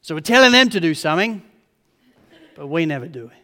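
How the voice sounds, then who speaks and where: A man, preaching a sermon in a church and acting out family scenes in lively voices. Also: on the high side, brisk, long reverb tail. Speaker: pastor. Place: church hall.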